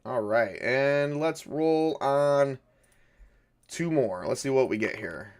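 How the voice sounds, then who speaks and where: A man's voice: medium pitch, expressive, slow. A man running a solo tabletop game, thinking aloud in a rambling, self-correcting way. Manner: rambling, self-correcting, chuckles at own jokes. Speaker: game master.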